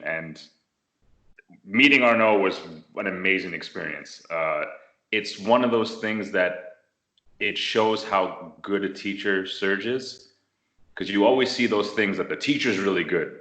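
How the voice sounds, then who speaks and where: A man from the United States tells his story in a relaxed interview, lively and acting out the voices of the people in it. His voice sits a bit low but sounds bright and forceful. The room around him is roomy and echoey. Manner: animated storyteller, acts out quotes. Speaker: interviewee, martial arts practitioner. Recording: roomy echo.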